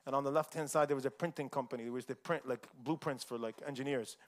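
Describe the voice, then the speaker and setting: Fast-talking man telling a story. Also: medium pitch, steady tone. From United States. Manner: quick, chatty, laughs often. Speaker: speaker at a community forum. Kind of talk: casual storytelling talk.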